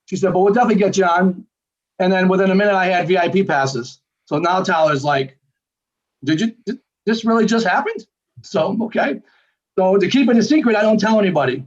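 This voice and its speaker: A man telling a personal story in a casual, animated way, acting out the lines of the people in it. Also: high voice. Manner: animated, quick storytelling with quoted dialogue. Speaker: guest storyteller. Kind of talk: casual anecdote. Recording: dull lo-fi sound.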